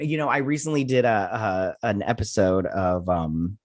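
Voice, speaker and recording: A man's voice: lowish voice, normal speed, few pauses. Rambling American man reviewing a show. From United States. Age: adult with children. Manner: rambling, filler-heavy, repeats words. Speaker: YouTube show host. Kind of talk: casual episode review.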